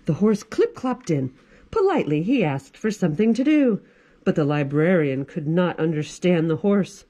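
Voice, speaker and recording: A woman's voice: lowish voice, very animated, moderate pace, mellow. A woman in her forties, a children's librarian, reading a picture book aloud in a library with chatty asides to kids. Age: 40s.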